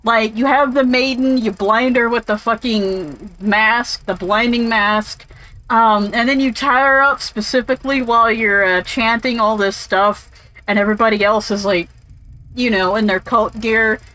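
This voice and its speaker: A woman's voice: fairly high pitch, fairly even intonation, a little slow, sharp tone, low-quality recording. A woman casually commentating while playing a game, rambling and swearing freely. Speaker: let's play streamer.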